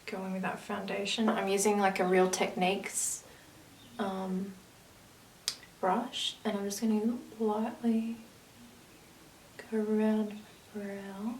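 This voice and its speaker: A woman's voice: medium pitch, little pitch movement, takes it slowly, long pauses, darkish tone. A woman talks unhurriedly through her makeup routine, drifting into chatty asides. She sits back from the camera mic, so her voice sounds distant in an echoey room with a faint hiss underneath. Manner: chatty, rambling asides while working. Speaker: makeup vlogger. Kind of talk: casual makeup tutorial chat.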